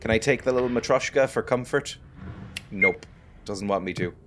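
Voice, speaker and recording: A man's voice: fairly low pitch, moderate pace, noisy background. A man giving wry, joking commentary as he plays a game, talking to the game and to viewers. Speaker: gaming video host. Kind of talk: casual let's-play commentary.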